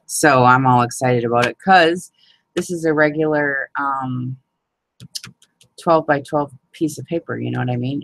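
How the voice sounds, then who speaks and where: Her bass voice carries over a rough recording with slight background noise. She's a crafting group host running a casual live hangout, talking through paper folds, greeting viewers, and leaning chattily on "you know what I mean."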